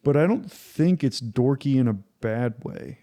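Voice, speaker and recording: A man with a mellow, warm tone at a middle pitch hosts a relaxed podcast chat. He talks in an opinionated, enthusiastic way and keeps restarting his sentences. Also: a little slow. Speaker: podcast host.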